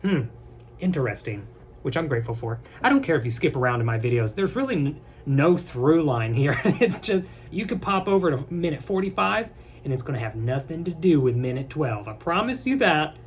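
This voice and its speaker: A young man talking straight to his viewers in a loose, rambling way, his voice sitting a little high. He jokes, trails off and restarts, and there's a faint hiss under the recording. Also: big pitch swings. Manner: rambling, joking, then tearful and halting. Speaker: vlogger. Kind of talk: casual rambling to camera.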